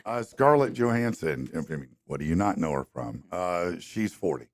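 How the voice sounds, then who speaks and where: Deep-voiced man hosting a morning show. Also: very animated. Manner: upbeat, loose, drawn-out fillers. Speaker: radio show host. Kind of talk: casual morning show chat. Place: studio. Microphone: studio mic.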